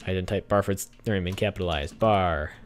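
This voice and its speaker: A man's voice: low-pitched, moderate pace, slight background noise. A young man hosting a gaming channel, giving casual gameplay commentary, chatting to the characters on screen and getting easily exasperated.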